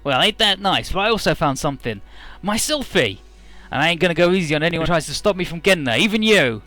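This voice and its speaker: A cocky, stubborn young rival, as a man reads him out from a game, talking in a raised, defiant voice. The lines come a little higher and louder than the reader's usual speech, over faint game music. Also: lively intonation, fast talker. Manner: defiant, cocky read-aloud game dialogue.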